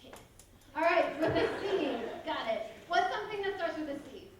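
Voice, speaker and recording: A woman's voice: very high-pitched, lively intonation, normal speed, background noise. A woman refereeing and hosting a live improv comedy match, explaining the game rules and leading the audience in call-and-response in a projecting, upbeat way. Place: school auditorium or gym with a live audience. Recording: very echoey hall, far off, audible crowd.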